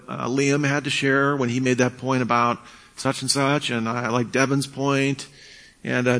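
Man, mid-pitched, casual instructor on leading discussions, acts out quiet calm replies. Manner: acts out quoted exchanges, drops to a hush for calm replies. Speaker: teacher on leading church discussions.

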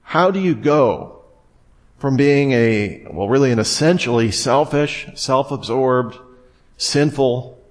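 A man's voice: mid-range voice, animated. Man teaching through a Bible passage. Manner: measured, explanatory, reads scripture aloud.

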